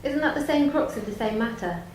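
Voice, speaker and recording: A woman playing a bitter, sarcastic middle-aged daughter who speaks in a scornful, sharp-tongued, resentful way, in a theatre studio. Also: fairly high pitch, lively intonation, a little fast, roomy sound, slight background noise, close to an everyday voice, poor audio.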